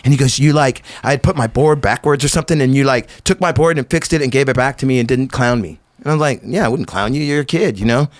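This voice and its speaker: A man's voice: mid-range voice, fast, hardly any pauses, no room sound. A middle-aged man, a guest on a podcast, telling stories in casual chat and acting out the voices of the people he quotes. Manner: animated storyteller, acts out quotes in shifting voices.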